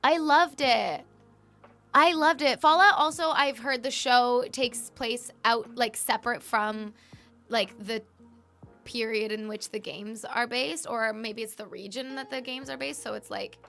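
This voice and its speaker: A woman's voice: on the high side, fairly even intonation, measured pace, gravelly, pushed and bright. A young American woman streaming live, chatting casually with her chat, laughing often and singing along. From United States. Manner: bubbly, laughs often, sings along to music. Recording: faint music behind.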